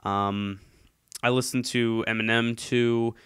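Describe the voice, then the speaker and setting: A man talks casually and at length, full of ums, restarts and asides, still a little stuffed up from a cold. His voice is smooth and clear, recorded close and dry with no room sound. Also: mid-range voice, little pitch movement, slow, fairly bright tone, no room sound. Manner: rambling, many ums and restarts. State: slightly congested. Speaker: YouTube commentator. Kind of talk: casual solo chat. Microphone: headphones, desk mic.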